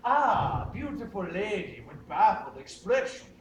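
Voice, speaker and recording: A student actor playing a hammy, self-adoring male Latin lover who croons slowly and grandly on a school stage. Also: mid-range voice, big pitch swings. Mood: crooning. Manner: slow, crooning, overblown. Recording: echoey hall from far off, loud audience noise.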